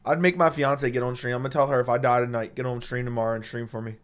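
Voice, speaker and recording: Fast and clean in tone, this medium-pitched man keeps a steady delivery. Sore-throated and speaking into a studio dynamic mic, he reads viewer comments on a casual live stream and trash-talks chat bluntly, with profanity.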